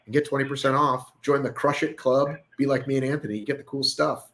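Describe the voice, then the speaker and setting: A man's voice: medium pitch, flat delivery, brisk, few pauses, a bit bright, low-quality recording. A man hosting a live online show, joking around and swearing freely in casual chat.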